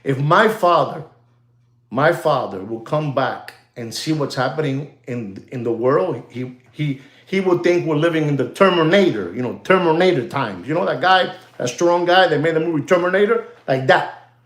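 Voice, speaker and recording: A man delivering a rambling monologue about the market as a show host. He has a somewhat high voice, talks excitably and repeats himself, and he often turns to address his audience directly. The sound carries a noticeable room echo. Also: moderate pace. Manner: excitable, repetitive, addresses "ladies and gentlemen".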